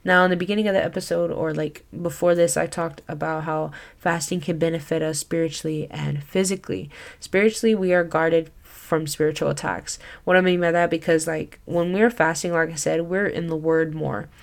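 A woman's voice: low-pitched, fairly even intonation, fairly quick, gravelly, few pauses. A young woman giving a casual Christian teaching talk as a podcast host, earnest and chatty, full of "like" and "you know.".

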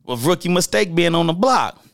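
Guy telling old block stories, kinda high gravelly voice, slangy and animated, dry close sound. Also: normal speed, no echo. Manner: animated, acts out quoted voices, loose slang-heavy talk with restarts. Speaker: storyteller host. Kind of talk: casual street storytelling.

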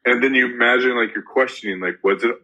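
A man's voice: medium pitch, fast talker, sharp tone, muffled recording. A man co-hosting a podcast, joking and upbeat, with eager little interjections. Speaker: podcast co-host. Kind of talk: casual podcast chat.

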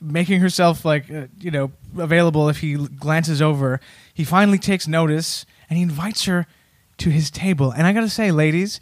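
A man's voice: fairly high pitch, brisk, no room sound, clean studio sound. A man hosting a comedy podcast, telling a history story with jokey asides. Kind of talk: casual comedic chat.

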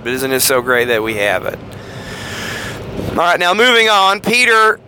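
A man's voice: a little high, sharp tone, a little hiss or hum. A man with a Southern US accent hosting a podcast, casually retelling Bible passages and acting out the quoted lines in voices. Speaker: podcast host.

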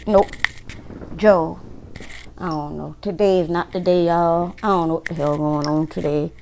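A woman reads tarot cards at an unhurried, slow pace. She talks bluntly and casually to her viewers and swears freely. A faint hiss sits under her voice. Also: lowish voice, fairly even intonation, gravelly, darkish tone, low-quality recording. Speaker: tarot reader. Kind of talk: casual tarot reading to camera.

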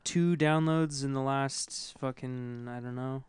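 A man's voice: mid-range voice, steady tone, slow pace, darkish tone, smooth, dry recording, studio quality. A young man hosting a podcast in casual, crude chat, reading out listener numbers and trailing off offhandedly. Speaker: podcast host. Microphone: studio microphone.

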